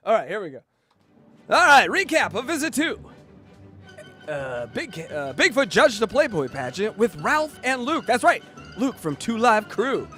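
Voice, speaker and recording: A man's voice: high voice, sing-song, normal speed, fairly bright tone, soft background music. A man hosting a comedy podcast, laughing often and mocking himself as he cracks crude jokes. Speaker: podcast host. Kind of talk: casual comedic chat.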